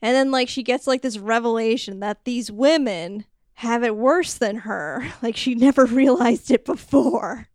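A woman co-hosting a podcast, casually recapping a film with quick mock voices for its characters. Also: on the high side, dry recording, studio quality. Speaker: podcast co-host. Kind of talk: casual movie recap chat.

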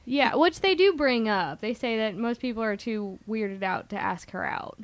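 A woman's voice: a little high, lively intonation, no room sound. A woman co-hosting a podcast in casual chat, making wry joking asides about a film. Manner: wry, quick jokey asides. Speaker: podcast co-host.

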